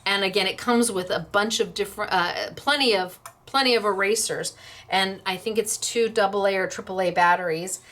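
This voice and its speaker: A woman's voice: mid-range voice, normal speed, a bit bright. A woman hosting a casual craft demonstration, chatty and upbeat, laughing easily as she works. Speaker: craft shop host.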